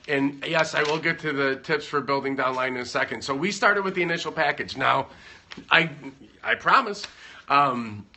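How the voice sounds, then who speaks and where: A slightly high, pushed, bright male voice. At home on a livestream, he hands out business advice casually, rambling, joking, and interrupting himself.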